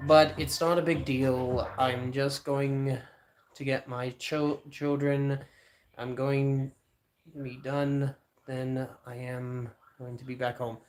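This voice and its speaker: A man's voice: mid-range voice, level tone, takes it slowly, echoey room, slight background noise. A man cooking in his home kitchen on a livestream, rambling casually and answering viewers' comments as he works. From South Africa. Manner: rambling and chatty, talks back to viewers' comments. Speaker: cooking streamer answering chat.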